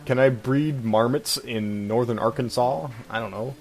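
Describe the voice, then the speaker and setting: A man's voice: mid-range voice, moderate pace, darkish tone. Wry man co-hosting a comedy show. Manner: wry, mocking, laughs often. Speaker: podcast co-host. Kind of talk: casual comedic chat. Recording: faint music bed underneath.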